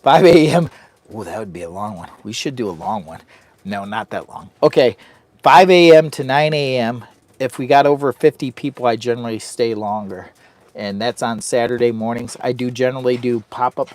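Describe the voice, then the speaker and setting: A man's voice: medium pitch, fairly quick, a little mellow. A man chats loosely to his viewers from inside a heated tent on a rainy camping trip. He sweats in the heat and rambles from one thought to the next. Now and then he turns to his dog in a doting, sing-song tone. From Michigan. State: hot and sweating. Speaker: outdoor vlogger and live streamer. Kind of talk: casual live-stream chat.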